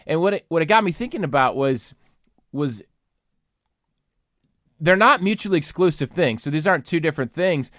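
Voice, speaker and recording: Congested guy pastor chatting on a podcast, kinda high voice, earnest, trips over his words a lot. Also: expressive, moderate pace, pauses often, fairly bright tone, dry recording, studio quality. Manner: earnest, rambling, many restarts. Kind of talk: casual podcast chat.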